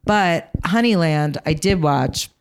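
A lively woman chatting about movies with her co-hosts. She talks in a fairly low voice, jumps between asides and laughs often, giving quick, opinionated takes on the awards. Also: a little hiss or hum. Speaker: podcast co-host. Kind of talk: casual chat about film awards.

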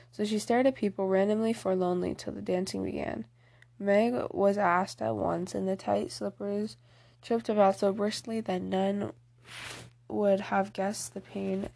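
A woman's voice: mid-range voice, gravelly, a little mellow. A woman reading a novel aloud as an audiobook, plainly, with small slips and restarts. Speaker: audiobook reader. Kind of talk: audiobook narration.

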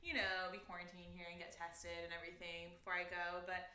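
Casting: bright-toned woman, giggly podcast co-host, recorded in an echoey room. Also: on the low side, level tone, quick pace, a little hiss or hum. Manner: giggly, laughs often. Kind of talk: casual chat.

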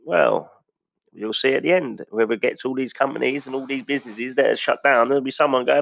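A man's voice: medium pitch, fairly quick, creaky, a bit bright, dry recording. A man, a driver, ranting bluntly and passionately in casual talk, with some swearing. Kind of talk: casual opinion rant.

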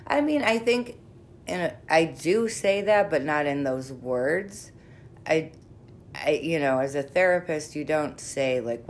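A middle-aged woman therapist with a very deep voice talks openly and bluntly, swearing casually and laughing easily. She sounds candid and unguarded in a relaxed conversational interview. A faint rumble sits under the recording. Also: takes it slowly. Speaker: therapist working with sex offenders.

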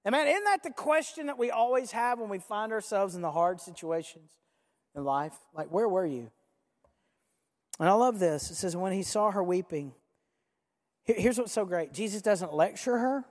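A pastor with a mid-range, expressive voice preaches conversationally to a live congregation in a large church hall, with long reverb on the recording. He alternates soft, slow stretches with loud, fast bursts and sometimes leads the crowd in repeating a line.

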